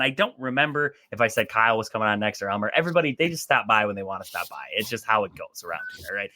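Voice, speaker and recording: A man hosting a casual sports radio show with a hoarse, worn voice, rambling energetically and repeating himself. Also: medium pitch, bright, forceful tone, no room sound. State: hoarse, voice going.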